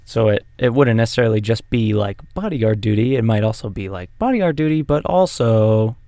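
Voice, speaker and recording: Man, podcast co-host, gravelly voice, laid-back casual chat. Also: on the low side, animated, brisk, mellow, no room sound, studio quality. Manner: laid-back, brief agreeing replies. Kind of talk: casual chat about tabletop games.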